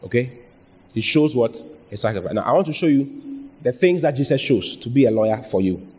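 A man's voice: mid-range voice, expressive, a little fast, a little mellow, breathy edge. A man preaching a sermon, emphatic and repetitive, often checking in with the congregation with questions. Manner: emphatic, repeats phrases, asks the congregation questions. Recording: reverberant hall.

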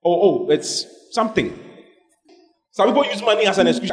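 A man preaching a sermon to his congregation in a church. His voice sits high and jumps widely in pitch as he acts out little scenes and fires questions at the room. The faint murmur of a crowd can be heard behind him. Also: moderate pace, slight background noise. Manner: animated preaching, acting out God in a dramatic skit. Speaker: pastor.

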